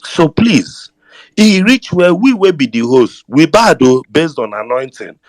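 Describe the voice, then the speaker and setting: A man's voice: a little high, big pitch swings, measured pace, no room sound. A man with a Nigerian accent co-hosting a live audio chat room, emphatic and sweeping, mixing in pidgin.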